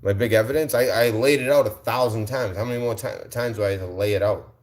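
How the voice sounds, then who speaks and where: A man's voice: fairly low pitch, fast talker. A male livestream host answering his chat in a combative, mocking rant, repeating his insults.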